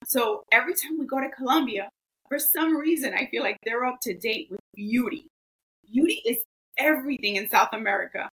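A woman's voice: fairly high pitch, lively intonation, a little fast, a bit bright, poor audio. A woman guest in an interview, talking earnestly with many "you know" fillers. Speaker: guest, esthetician. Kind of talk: interview answers, storytelling.

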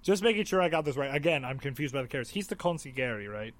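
A man's voice: mid-range voice, very animated, fast talker. A young man co-hosting a podcast in casual chat, playful and mock-indignant, asking lots of questions. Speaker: podcast co-host.

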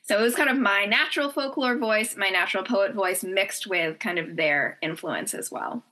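A woman's voice: mid-range voice, normal speed, pushed and bright. A woman author chatting enthusiastically in an interview, with frequent fillers. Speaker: novelist guest. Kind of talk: casual interview chat.

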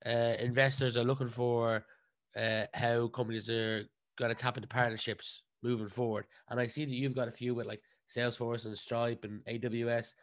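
Stammering podcast host. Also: male voice, mid-range voice, level tone. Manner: halting, stammering starts. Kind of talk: interview questions.

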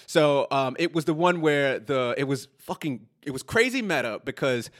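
A man's voice: mid-range voice, animated, normal speed. A man hosting a podcast in casual chat, telling stories animatedly and swearing freely. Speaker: podcast host.

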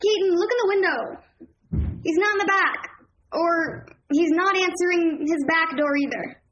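A brisk, no-nonsense mother, played by a woman, hurries things along in a very high voice. The recording sounds dull and lo-fi. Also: fairly bright tone, slight background noise. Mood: worried. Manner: brisk, hurrying.

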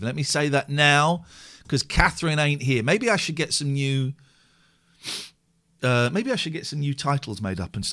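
Lively middle-aged streamer, pitch swinging widely, chatty storyteller. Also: male voice. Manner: animated, chatty, with many restarts. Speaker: live stream host. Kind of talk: casual chat and storytelling on a live stream.

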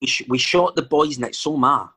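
Rambling Scottish man, husky voice. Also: medium pitch, brisk, pushed and bright. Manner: rambling, lots of fillers and digressions. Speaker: actor and filmmaker guest. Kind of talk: casual chat.

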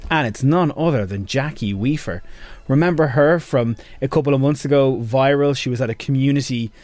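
A man's voice: medium pitch, darkish tone, no room sound. Chatty man on radio. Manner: chatty, rambling storyteller with quick asides. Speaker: radio co-host recapping entertainment news. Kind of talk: casual radio chat.

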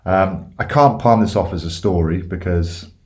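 A man's voice: low voice, moderate pace, a little mellow. A man, co-hosting a casual podcast, chatty and laughing at his own jokes. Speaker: podcast co-host. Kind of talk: casual chat, telling a joke.

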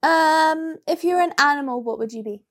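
A woman's voice: high-pitched, normal speed, a bit bright. Young woman co-host with dry quips. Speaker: podcast co-host. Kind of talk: casual chat.

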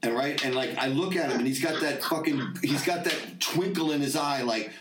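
A man's voice: medium pitch, normal speed, far from the mic, over music. A man in his forties, hosting a podcast and telling stories in a laid-back, profane way, laughing often. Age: 40s. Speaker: podcast host. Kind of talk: casual storytelling chat. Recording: roomy, off-mic sound.

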